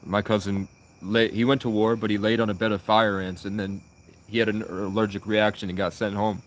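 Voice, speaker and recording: A man's voice: on the low side, little pitch movement, a little fast, slight background noise. Rambling, profane young man. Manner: rambling, profane, with many restarts. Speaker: vlogger. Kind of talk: casual personal storytelling.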